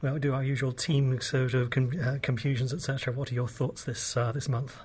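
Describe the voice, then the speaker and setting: A man's voice: medium pitch, flat delivery, a little fast, a little mellow, husky. A man hosting a live radio show, chatty and joking, rambling with frequent restarts. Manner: jokey, rambling, full of restarts.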